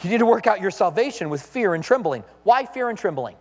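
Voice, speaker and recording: Male pastor, animated sermon delivery, high lively pitch, reverberant church hall. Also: fast talker, hardly any pauses, husky. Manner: animated preaching, acting out quoted voices with big pitch swings.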